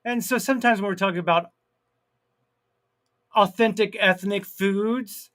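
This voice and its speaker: Casually chatting on a live stream, this high-pitched man reads viewers' comments aloud and chuckles at his own jokes. He draws his words out and lets loose with abrupt loud outbursts.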